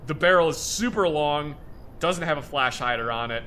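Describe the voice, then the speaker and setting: A man's voice: a little high, normal speed, bright, forceful tone, a little hiss or hum. A man in casual chat while playing a game, explaining guns at length and swearing casually. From United States. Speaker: gaming video host.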